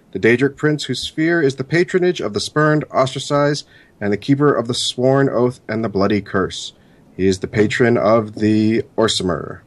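A man co-hosting a podcast, reading lore notes and rambling with many fillers when he explains. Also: mid-range voice. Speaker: podcast co-host.

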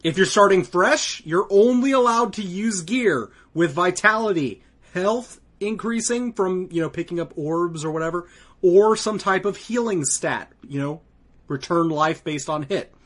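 A man hosting a gaming podcast, talking casually and haltingly with frequent fillers. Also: sits high, a bit bright. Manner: laid-back, halting with fillers. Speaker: podcast host. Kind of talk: casual chat.

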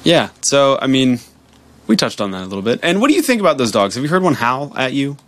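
A man co-hosting a podcast, chatting casually while he plays a game, animated and jokey and prone to silly voices. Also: mid-range voice, fast. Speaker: podcast co-host playing a game. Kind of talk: casual gaming chat.

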